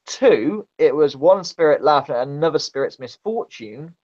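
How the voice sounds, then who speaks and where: A man telling a spooky story in a casual, animated way, repeating himself as he goes. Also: a little high, moderate pace, dull audio. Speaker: guest, paranormal investigator. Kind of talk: casual conversation.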